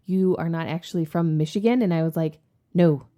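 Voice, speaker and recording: A woman from the American South co-hosting a casual podcast, telling stories and acting out the people in them. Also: brisk. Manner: animated storytelling, acts out coworkers in high excited voices. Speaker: co-host.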